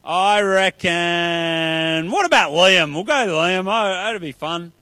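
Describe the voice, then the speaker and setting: Playful man with a high voice. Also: very animated, moderate pace, bright, forceful tone, dry recording. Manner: chatty, playful, upbeat. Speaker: children's speaker at church. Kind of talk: children's talk with audience play.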